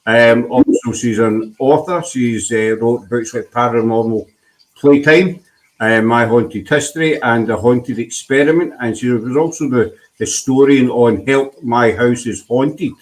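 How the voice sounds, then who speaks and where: A Scottish man hosting a relaxed chat show at an ordinary mid pitch. He talks in a chatty, self-deprecating way, with plenty of ums and restarts. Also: measured pace, poor audio. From Scotland. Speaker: host. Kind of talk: casual chat.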